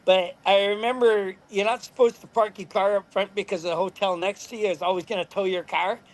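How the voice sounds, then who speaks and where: A man's voice: high voice, fairly even intonation, fairly quick. A middle-aged man, a former motorcycle racer, telling rambling stories on a podcast, swearing freely and laughing at his own tales. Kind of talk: casual storytelling.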